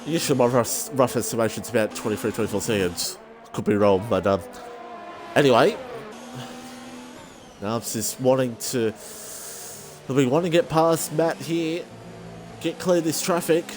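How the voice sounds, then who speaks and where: A man commentating a sim racing league race, excitable and self-deprecating, his voice jumping high when battles get close. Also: moderate pace, long pauses, faint music behind.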